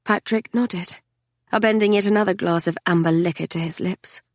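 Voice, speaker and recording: A woman giving steady, measured narration of a dark fantasy novel as an audiobook reader. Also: lowish voice, no echo, studio quality.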